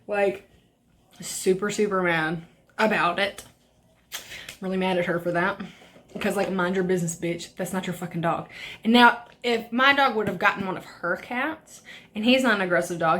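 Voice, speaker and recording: A woman's voice: on the low side, a bit bright. A young woman beauty vlogger chatting casually through a makeup tutorial, rambling and swearing as she rants. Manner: profane, ranting, rambling.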